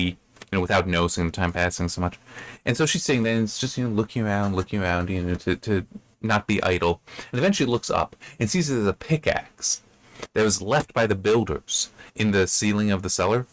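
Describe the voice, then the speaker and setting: A man giving casual, rambling commentary on a book he has read, with frequent restarts and asides. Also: lowish voice. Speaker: book reviewer.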